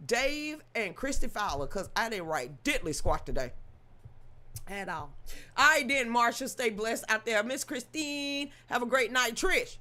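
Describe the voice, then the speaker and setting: A woman's voice: on the high side, animated, measured pace, sharp tone. A woman hosting a livestream, chatting casually and joking with her viewers, with laughing asides. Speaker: livestream host.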